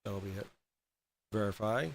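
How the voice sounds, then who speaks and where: A man hosting a casual livestream, drunk and high, rambling and halting over fillers as he talks. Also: creaky, a little hiss or hum. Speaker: host.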